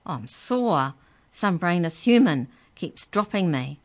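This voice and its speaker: A woman voicing a rude, squeaky little male book elf who shrieks insults. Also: very animated, slow pace, exaggerated voice. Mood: grumpy. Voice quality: high and squeaky.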